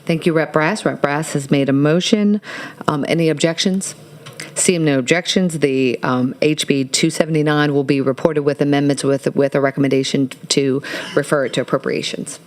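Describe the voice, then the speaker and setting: A woman chairing a legislative committee hearing, talking in a halting way with many fillers and restarts. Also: sits low, fairly even intonation, darkish tone.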